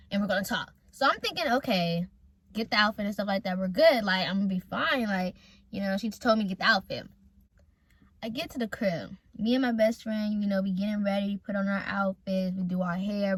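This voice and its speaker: A young woman from North Carolina tells a personal story to her viewers in casual, animated chat, swearing often and swinging between loud anger and quiet mumbling. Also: mid-range voice, no room sound. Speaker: vlogger telling a story.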